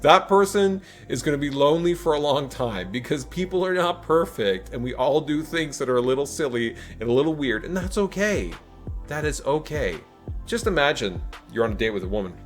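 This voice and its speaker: Animated man giving dating advice. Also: mid-range voice. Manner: animated, emphatic, jokey asides. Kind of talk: casual advice monologue.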